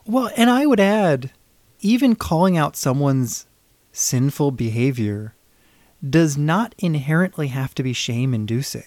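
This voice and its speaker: A man's voice: on the high side, expressive, measured pace, a little mellow, no room sound, studio quality. A man co-hosting a podcast who talks firmly and emphatically, with carefully chosen words. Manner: firm, emphatic, precise phrasing. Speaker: podcast co-host. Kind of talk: reflective conversational discussion.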